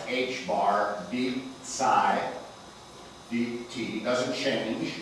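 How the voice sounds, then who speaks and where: A man's voice: mid-range voice, fairly bright tone. A man teaching a physics class, playful and theatrical, often putting questions to the class. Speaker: physics lecturer. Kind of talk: classroom lecture. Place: lecture hall. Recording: echoey lecture hall, distant, faint noise.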